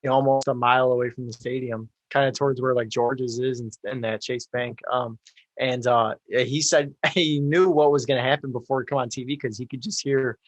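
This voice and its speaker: A young man chatting as a podcast guest, agreeable and steady in his delivery. His pitch is ordinary but the melody is flat and even, and the sound is dry and close. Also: brisk, no room sound. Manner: agreeable, steady, many fillers. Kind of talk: casual chat.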